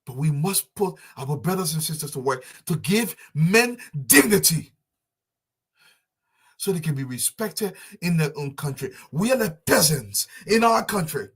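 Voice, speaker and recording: A man from Liberia, making a fervent, pleading public appeal with repeated lines and swings from soft to loud. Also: a little high, animated, measured pace, husky. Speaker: diaspora business advocate.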